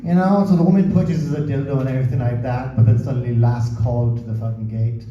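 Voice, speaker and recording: A man's voice: medium pitch, fairly even intonation, quick pace, dark tone, slight background noise. A man doing a crude, swearing stand-up comedy set, working the crowd in a casual, chatty way. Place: comedy club stage. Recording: roomy, distant, dull club recording.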